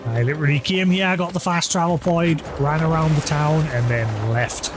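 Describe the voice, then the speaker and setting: A man's voice: a little high, moderate pace, music in the background. Chatty streamer commenting on his game. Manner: chatty, thinking aloud, laughing. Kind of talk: casual let's play commentary.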